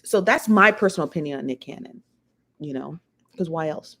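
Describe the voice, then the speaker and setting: A woman's voice: sits low, animated, a little fast, pushed and bright. A woman hosting a live stream, chatting her opinions and reading viewer comments aloud. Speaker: livestream host reading chat. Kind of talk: casual chat.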